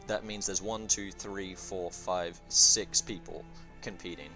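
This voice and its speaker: A man's voice: deep voice, steady tone, takes it slowly, pushed and bright, faint music behind. A man casually reviewing a strategy game, rambling and swearing as he thinks aloud with many fillers. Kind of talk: casual gameplay commentary.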